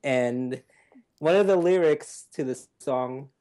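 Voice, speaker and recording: A man from New Jersey co-hosting a game stream, telling a relaxed story. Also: mid-range voice, takes it slowly. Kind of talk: casual game-night chat.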